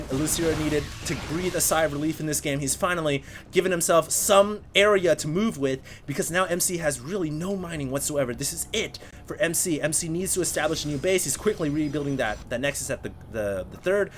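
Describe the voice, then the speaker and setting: A man calls a game replay solo in a high, bright-sounding voice, building energy through the action. He breaks into excited exclamations at big moments and chats casually to his viewers between plays. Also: brisk, hardly any pauses, a little hiss or hum. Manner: chatty asides to viewers. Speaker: esports caster.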